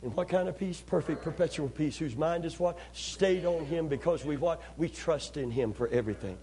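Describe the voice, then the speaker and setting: The preacher here is a man whose voice is a little high, moving at a moderate pace. Through lively, humorous, folksy stories, he leads a call-and-response sermon, asking the congregation to answer.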